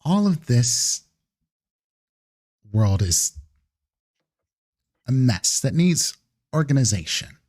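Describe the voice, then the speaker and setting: A man's voice: mid-range voice, sing-song, takes it slowly, long pauses, darkish tone. A man voicing a poised, persuasive woman vampire elder in a live-streamed tabletop role-play, coaxing and grandly idealistic.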